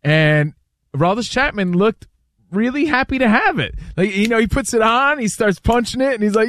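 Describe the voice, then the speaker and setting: Casting: male co-host, lively storyteller, slightly high voice, dry close sound. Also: normal speed, no echo. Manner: animated storyteller, acts out voices. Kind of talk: casual chat.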